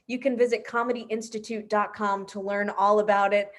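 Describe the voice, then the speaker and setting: A woman's voice: medium pitch, flat delivery, brisk. A woman hosting a comedy show, cheerfully thanking the comics and announcing workshops. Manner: upbeat, chatty announcer. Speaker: host. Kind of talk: casual show wrap-up.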